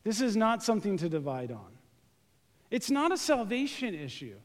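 Pastor guy w a high voice cracking jokes mid-sermon, big echoey church sound. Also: moderate pace. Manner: joking, animated, talks to the congregation directly. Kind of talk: lively conversational sermon. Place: church sanctuary during a service. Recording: live church recording with long hall reverb.

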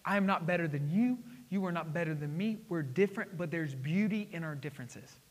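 Excitable guy preaching, high bright voice, lots of hall echo, goes loud then hushed. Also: fairly quick. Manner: excitable, swings between loud exclamations and hushed asides. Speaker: pastor. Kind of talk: sermon. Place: church sanctuary. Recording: hall reverb.

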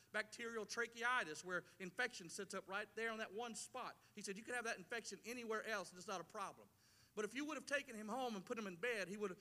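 A man's voice: high voice, pushed and bright. A middle-aged man, preaching a sermon as a pastor, with impassioned delivery and repeated phrases. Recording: long reverb of a large hall.

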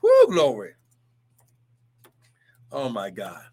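A man's voice: medium pitch, huge pitch swings, extremely slow, darkish tone. A man preaching a livestreamed sermon with fervent exclamations and repeated phrases.

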